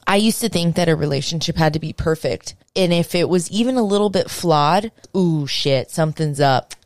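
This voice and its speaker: A young woman hosting a podcast, telling a story in casual chat, animated and swearing, acting out what people said. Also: on the low side, a little fast, no room sound, clean studio sound. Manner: animated, swearing, acts out quotes. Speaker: podcast host.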